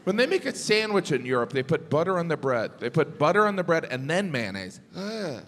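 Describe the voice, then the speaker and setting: Wry stand-up comic man, lively pitch. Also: fairly quick, background noise. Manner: deadpan, wry storytelling with sudden high-pitched exasperated bursts. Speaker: stand-up comedian. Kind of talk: stand-up comedy set. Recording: live hall with audience laughter. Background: crowd laughter and room ambience.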